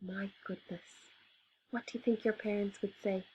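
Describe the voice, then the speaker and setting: A woman reading a picture book aloud to children in an expressive storyteller voice. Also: medium pitch, highs cut off, a little hiss or hum. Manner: expressive, slow and deliberate.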